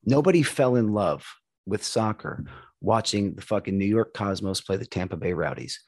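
A man's voice: on the low side, moderate pace, no room sound. A middle-aged man from the United States, telling stories in a casual chat, loose and profane. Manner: profane, animated storytelling.

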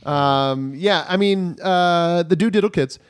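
A man's voice: high voice, unhurried, clean tone, dry recording. A man hosting a podcast, reading music news aloud and then joking about it with his co-hosts. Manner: reads news items, then jokes and laughs. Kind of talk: casual comedic chat.

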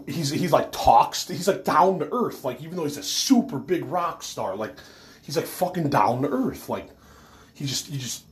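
A man telling a rambling story about collecting autographs, full of fillers and swearing, who says he is stoned. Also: medium pitch.

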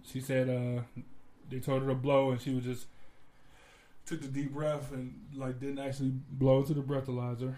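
A man from Ohio telling stories in a casual chat, animated and laughing often as he acts out what people said. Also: mid-range voice, normal speed.

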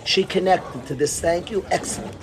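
A man teaching a lively, casual Torah class, enthusiastic and animated, sprinkling Yiddish and Hebrew words into his talk. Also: high voice, moderate pace, background noise.

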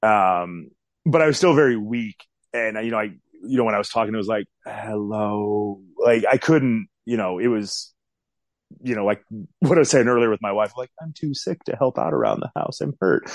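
A man in his forties recounts his own story in an easygoing interview. His voice sits low and the sound is dry and close, with no room around it. He rambles candidly, leaning on lots of fillers. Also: no room sound. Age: 40s. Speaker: guest telling his story.

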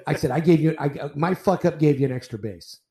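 In a relaxed podcast interview, an older former baseball umpire spins profane, lively stories from his career, often starting over mid-thought. He talks briskly, his voice on the high side.

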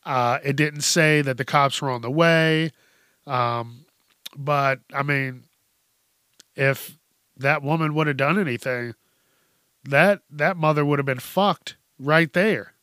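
Profane, laughing podcast host. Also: male voice, fairly high pitch, takes it slowly, long pauses, pushed and bright, no echo, clean studio sound. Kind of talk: casual news commentary.

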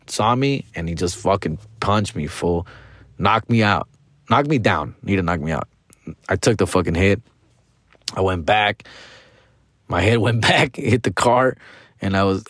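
A man's voice: fairly low pitch, dry recording, studio quality. A man, a stand-up comedian hosting his podcast, telling a story in loose, profane slang and calling listeners fool and dog. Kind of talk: casual storytelling monologue.

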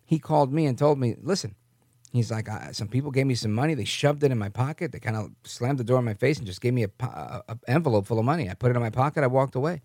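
A man's voice: medium pitch, fast, a little mellow, no echo. Dry-voiced man doing political commentary. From New Jersey. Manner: conversational, keeps asking "right?", reads news aloud. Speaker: commentary host.

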